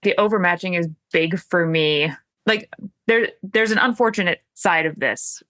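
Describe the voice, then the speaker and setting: A woman's voice: fairly low pitch, normal speed, a bit bright, dry recording, studio quality. A woman speaking as a guest on a podcast panel, candid and blunt, swearing casually.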